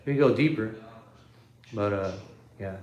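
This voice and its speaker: A man's voice: lowish voice, unhurried, darkish tone, dull audio. Casual male livestream host, rambling and chuckling, phone mic in an echoey living room. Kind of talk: casual livestream chat reading comments. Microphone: iPhone.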